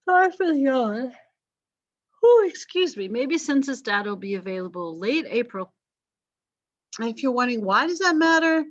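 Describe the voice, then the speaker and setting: A woman's voice: fairly high pitch, fairly bright tone. A woman, a history teacher, lecturing casually to her class with wry jokes, asides and laughs. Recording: dull lo-fi lecture recording.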